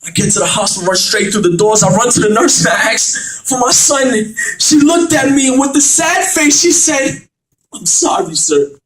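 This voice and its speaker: Man, high voice, dramatic spoken word poetry, echoey church room, distant mic. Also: normal speed. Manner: rhyming, building to shouts.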